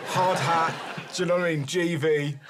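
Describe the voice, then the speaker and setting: A man hosting a comedy chat, giggling through quick banter and reading out questions. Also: a little high, steady tone. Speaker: host. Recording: noisy recording.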